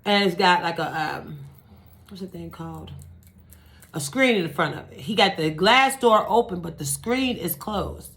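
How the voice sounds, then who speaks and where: A woman vlogger telling a true-crime story in a casual, animated, profane way, acting out gunshots with sound effects. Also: fairly low pitch, moderate pace.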